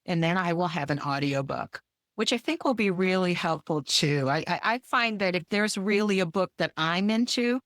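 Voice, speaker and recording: A woman's voice: lowish voice, lively intonation, normal speed, fairly bright tone, no room sound, studio quality. A woman being interviewed as a guest author, talking in an effusive, enthusiastic way with frequent restarts. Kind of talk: casual interview chat.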